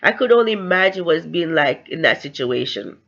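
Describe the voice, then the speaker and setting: A woman's voice: on the low side, lively intonation, a little fast, creaky, fairly bright tone, highs cut off. A woman giving a casual book recap, chatty and loose, often slipping into the characters' lines as she retells the story. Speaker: book reviewer.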